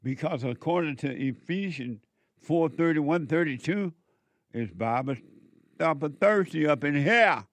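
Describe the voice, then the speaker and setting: Slow, emphatic male preacher. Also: animated, dry recording. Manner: emphatic, scolding, with big swings in loudness and pitch. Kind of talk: sermon.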